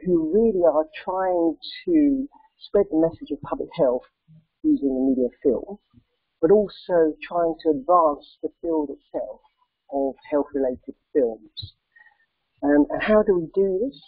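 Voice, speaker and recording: A man in his thirties or forties with a croaky voice from a cold, giving a hesitant online presentation full of ums and uhs. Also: sits high, very animated, unhurried, no echo. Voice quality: croaky, gravelly. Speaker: charity president giving a talk. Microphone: video call. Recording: tinny dry phone-like call audio.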